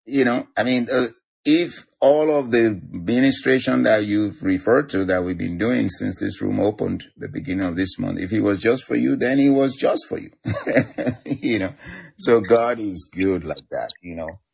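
A male pastor chatting in a relaxed, affirming way, filling his talk with "you know". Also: lowish voice, normal speed, vocal fry, husky, no echo. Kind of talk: casual ministry chat on a prayer line.

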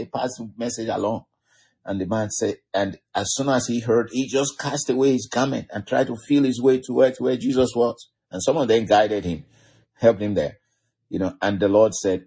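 A male preacher delivering a sermon with fervent, filler-laden storytelling that builds to excited outbursts. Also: mid-range voice, moderate pace, slightly rough. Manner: fervent, frequent "you know" fillers, rising to excited cries.

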